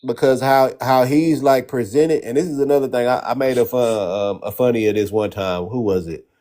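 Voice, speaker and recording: A man's voice: mid-range voice, brisk, warm tone. A man talking as a guest in a casual debate chat, rambling with many fillers and restarts. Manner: rambling, hesitant, filler-heavy.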